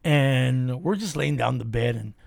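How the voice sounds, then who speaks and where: A man's voice: medium pitch, unhurried, creaky, no echo. A man hosting a casual podcast, telling a story with lots of swearing and acted-out quotes. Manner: animated, acts out quotes, swears freely.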